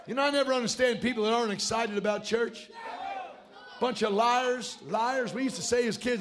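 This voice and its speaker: High-voiced shouting preacher. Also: male voice, moderate pace, some chatter behind. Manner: fiery, shouting preacher with repeated calls of hallelujah. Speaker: pastor. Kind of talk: shouted revival sermon. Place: church sanctuary.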